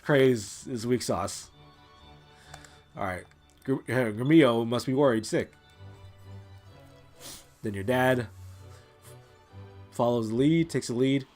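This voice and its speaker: A man talks casually over a retro game playthrough, wandering through his explanations with lots of "like" and "you know." His voice sits at an average, middle pitch. He sounds relaxed and unscripted. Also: slow, long pauses, faint music behind. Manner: rambling, full of "like" and "you know". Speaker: let's play host. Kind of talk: casual gameplay commentary.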